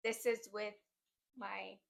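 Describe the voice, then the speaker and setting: A woman's voice: medium pitch, flat delivery, slow, creaky. A woman vlogger chatting casually and giddily to her viewers about her crochet projects, rambling from one thought to the next. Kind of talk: casual chat to camera. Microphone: desk microphone.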